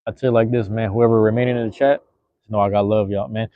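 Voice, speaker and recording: Man, casual solo livestream, slangy rambling talk, lowish voice, dry muffled lo-fi sound. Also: steady tone, fast talker, no echo. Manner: laid-back, rambling, slangy. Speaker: livestream host.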